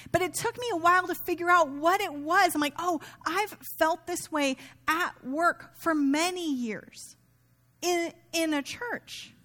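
A woman's voice: sits high, fairly bright tone. A middle-aged woman pastor giving a sermon in a conversational, self-mocking way, acting out quoted asides.

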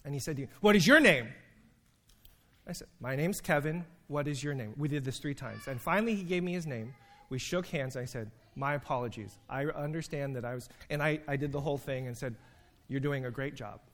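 A man preaching a sermon, telling stories with humor, emphatic pauses and sudden bursts of energy. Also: mid-range voice. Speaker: preacher and teacher.

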